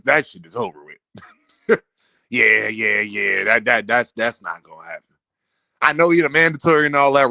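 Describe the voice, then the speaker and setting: A young man rants casually about boxing in a high, lively voice that swings up and down. His tone is bright and sharp, recorded dry and close with no room sound. He trash-talks freely and keeps breaking into laughter. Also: no echo. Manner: animated, trash-talking, laughing often, repeats words. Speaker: boxing commentator. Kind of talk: casual opinion rant.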